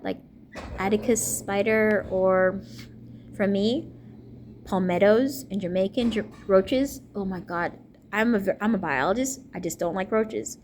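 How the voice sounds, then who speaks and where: A young adult woman vlogger with a medium-pitched, slightly mellow voice talks earnestly to camera, giving a rambling personal testimony and religious appeal. A faint hiss sits behind her.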